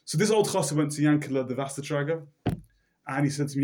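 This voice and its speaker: A man's voice: fairly high pitch, quick pace, a little mellow, slight background noise. A man teaching a Torah class, telling a story with repeated words and frequent fillers. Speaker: religious teacher.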